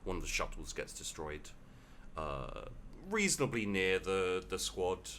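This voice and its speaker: A man's voice: deep voice, big pitch swings, measured pace, fairly bright tone, a little hiss or hum. A man narrating as game master of a tabletop game, describing scenes with many hesitations and fillers. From England. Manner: hesitant, many ums and likes.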